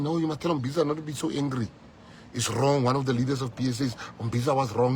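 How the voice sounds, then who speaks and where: A South African man, a political leader, giving a fiery rally speech, breaking into loud shouts at the peaks. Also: mid-range voice, steady tone, fast, slightly rough. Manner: fiery, switching between English and Afrikaans, shouting at peaks.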